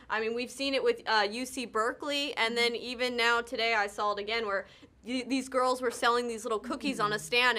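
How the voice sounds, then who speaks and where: Woman, reporter, bright sharp voice, emphatic, indignant. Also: a little high.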